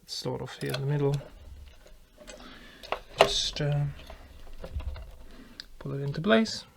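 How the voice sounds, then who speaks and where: A man building an electric guitar, thinking aloud in a relaxed way with fillers and restarts. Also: medium pitch, slow pace, creaky, heavy background noise. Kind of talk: casual workshop narration.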